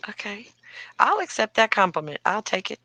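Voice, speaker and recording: A woman's voice: medium pitch, sing-song, moderate pace, sharp tone, dry recording. A woman hosting a casual live chat with friends, chatty and self-deprecating, laughing often. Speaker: host.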